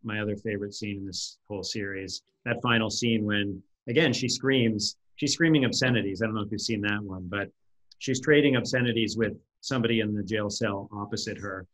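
A man with a somewhat low voice appears as a guest on a podcast. He lays out his ideas clearly and thoughtfully in relaxed conversation. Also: fairly quick, rough recording. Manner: articulate, thoughtful. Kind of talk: casual conversational discussion.

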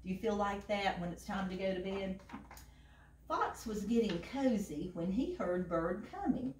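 Woman librarian at storytime; animated, questioning the kids; roomy sound, mic at a distance. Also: mid-range voice, slight background noise. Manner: slow, animated, asks the children questions. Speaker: children's librarian. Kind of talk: reading a picture book to children. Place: library room.

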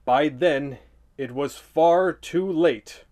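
A man's voice: fairly high pitch, very slow, a little mellow. A man reading a children's storybook aloud for comedy, with sarcastic, playful asides.

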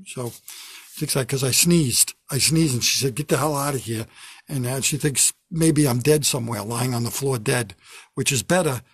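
A man's voice: mid-range voice, moderate pace, breathy edge, dry recording. An older man, a comedian, delivering a kvetching, self-mocking comedy rant from his basement at home. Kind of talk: stand-up comedy monologue.

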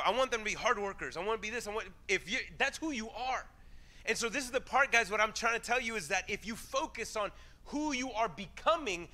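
Animated high-voiced male preacher. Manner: lively, conversational, acts out quoted voices. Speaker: pastor. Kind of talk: sermon.

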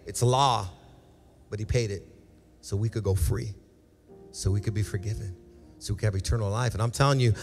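A man's voice: on the low side, steady tone, a little fast, pauses often, a little mellow. A male pastor preaching a passionate sermon and altar call, pleading with his listeners and acting out their voices. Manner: passionate, repetitive exhortation with acted quotes. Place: large church sanctuary. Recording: reverberant church hall with music.

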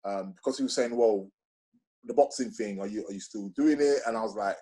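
A man's voice: lowish voice, a little fast. Guy in a chill interview, middle-aged, keeps doing the other people's voices in his stories, slangy. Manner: animated, acts out other people's lines with slang-heavy talk. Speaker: interview guest. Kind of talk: casual storytelling chat.

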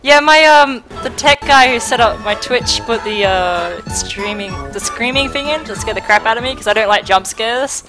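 A woman's voice: a little high, moderate pace, few pauses, over music, rough recording. Giggly Australian young woman streamer. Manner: giggly, overwhelmed, swearing freely. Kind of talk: casual live-stream chat.

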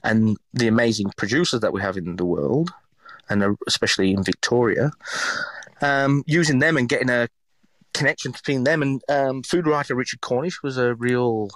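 Middle-aged yorkshire bloke, chef guest on a chat show, lively stories with plenty of swearing, mid-range voice, dry room. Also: male voice, medium pitch, moderate pace, dry recording. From England. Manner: animated storyteller who swears freely. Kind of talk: casual interview chat.

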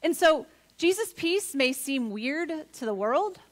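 A woman pastor preaching a sermon in a church, earnest, building to emphatic points and then dropping soft. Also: sits high, lively intonation, slow. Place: church sanctuary.

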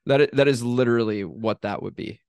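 Male podcast host, mid-pitched, dry close recording, relaxed reasoning with laughs. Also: fairly quick, no room sound. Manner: conversational, chuckling, uses analogies. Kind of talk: casual sports podcast chat.

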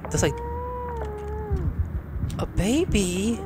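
A man's voice: very high-pitched, wildly swooping pitch, extremely slow, background noise. A man doing let's play commentary, exclaiming and swearing at what happens on screen. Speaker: gaming YouTuber.

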